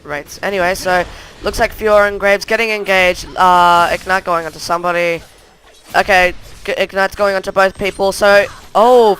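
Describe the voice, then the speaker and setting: A man's voice: high voice, sharp tone, smooth. A young man casually talking through a replay of his own match, rambling play-by-play that keeps circling back with "anyway". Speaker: gameplay commentator.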